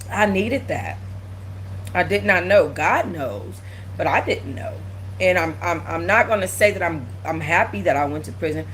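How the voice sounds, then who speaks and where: A woman's voice: on the low side, a little hiss or hum, low-quality recording. Blunt, emotional woman streamer. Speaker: channel host. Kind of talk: casual livestream chat.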